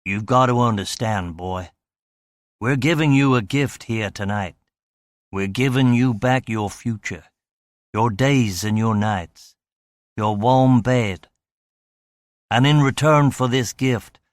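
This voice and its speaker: A male narrator voicing an older Southern American gangster boss with a slow, low, threatening drawl. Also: no room sound, clean studio sound, lightly acted. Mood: menacing.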